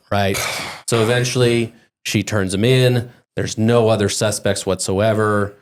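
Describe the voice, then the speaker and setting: A man hosting a podcast, steering the conversation and walking through news cases. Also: fairly low pitch. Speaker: podcast host. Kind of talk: casual podcast chat.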